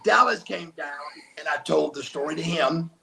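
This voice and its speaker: A man's voice: fairly high pitch, normal speed, vocal fry, pushed and bright, slight background noise. An older man, telling stories as an interview guest, emphatic and acting out what people said. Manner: emphatic, acts out quotes. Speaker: guest, former wrestler. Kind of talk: animated storytelling.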